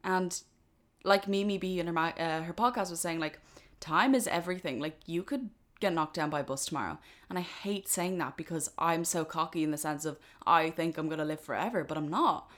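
A woman's voice: low voice, fairly quick, a bit bright. A woman of twenty, talking through a casual solo podcast episode in an earnest, chatty way full of "like". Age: 20s. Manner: chatty, earnest, many "like" fillers. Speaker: podcast host.

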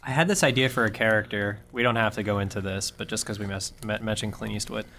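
A man's voice: fairly low pitch, steady tone, quick pace, pushed and bright, faint music behind. Rambling, laughing man riffing in a comedy chat. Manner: rambling, laughs often, riffs on jokes. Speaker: podcast co-host. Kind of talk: casual improv comedy chat.

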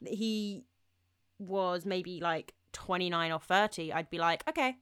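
A woman's voice: on the low side, fairly even intonation, unhurried, fairly bright tone, clean tone, no room sound, clean studio sound. A young woman of twenty-one chatting casually on a podcast, giggly and slangy. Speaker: podcast co-host. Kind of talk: casual chat.

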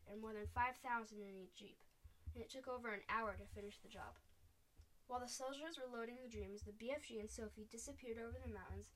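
A woman's voice: fairly high pitch, slight background noise. Woman reading a children's story aloud. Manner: steady storytelling. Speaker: reader. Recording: voice a bit distant from the mic.

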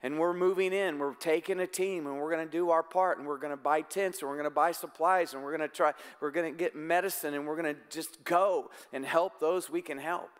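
Pastor, male, high and smooth, earnest conversational sermon, long church reverb. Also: fairly even intonation, fairly quick, hardly any pauses. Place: church sanctuary.

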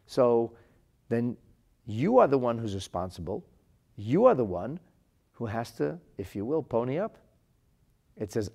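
Animated gravelly man teaching a text. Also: mid-range voice. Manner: animated, emphatic, reads Hebrew quotes then translates. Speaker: Torah teacher. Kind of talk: explaining a religious text.

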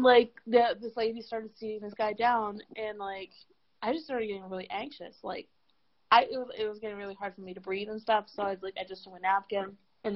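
A young woman co-hosting a podcast in casual chat, rambling and swearing freely, sounding tired. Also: medium pitch. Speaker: podcast co-host. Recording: dull lo-fi sound.

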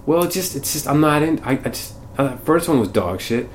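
A man's voice: on the high side, animated, a little fast, a little hiss or hum. A man co-hosting a casual movie podcast, sarcastic and profane, who breaks into mocking impressions. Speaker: podcast co-host.

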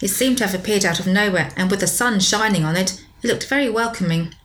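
A woman's voice: medium pitch, quick pace, fairly bright tone, slight background noise, rough recording. A woman reading her own story aloud to friends, voicing both narration and dialogue. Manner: reads narration and dialogue, laughing between lines.

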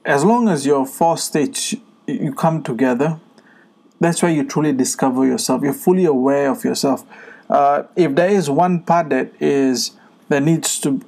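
A man's voice: on the high side, normal speed, creaky, darkish tone. A man co-hosting a podcast in casual chat, speaking earnestly with many fillers and restarts. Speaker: podcast co-host.

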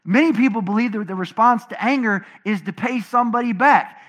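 A pastor preaching a sermon to his congregation, animated, swinging between loud emphatic passages and low, quiet ones. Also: fairly quick.

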